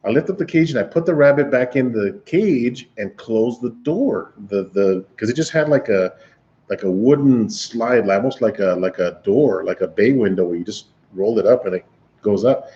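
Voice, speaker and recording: This livestream host speaks with a warm, expressive, lowish voice at a moderate pace over lo-fi audio. Laughing, he spins a long, casual story for his chat, stumbling into many restarts.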